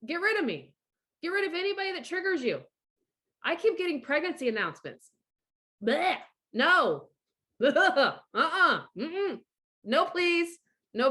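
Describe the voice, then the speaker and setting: A woman's voice: sits high, a bit bright. A woman host giving blunt, profane, casual advice about divorce and co-parenting, acting out the voices she quotes.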